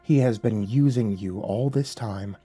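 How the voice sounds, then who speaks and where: A man voicing a gentle male angel messenger, speaking softly, solemnly and slowly in a dark, husky voice. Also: mid-range voice, soft background music. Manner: soft, solemn, slow and pleading.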